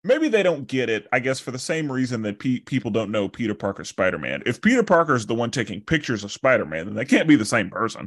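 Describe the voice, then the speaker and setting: A man's voice: mid-range voice, big pitch swings, fast talker, few pauses. A man co-hosting a podcast, recapping a film in a rambling, casual way with many fillers. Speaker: podcast co-host.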